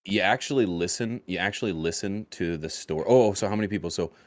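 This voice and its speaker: A deep, low-pitched man chats casually as co-host of a podcast. He is laid-back and stumbles, repeating words as he goes. The sound is dry and close with no room around it. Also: fast, dry recording. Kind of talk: casual chat.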